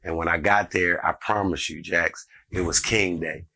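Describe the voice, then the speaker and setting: A middle-aged man, a comedian, telling a story in a casual, animated way and acting out the people in it. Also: low voice, normal speed, gravelly. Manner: animated, acts out every character in the story.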